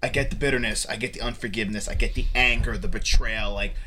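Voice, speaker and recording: A man's voice: mid-range voice, fairly even intonation, quick pace, sharp tone, slight background noise. A man hosting a casual podcast chat, talking earnestly about faith and healing. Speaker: podcast host.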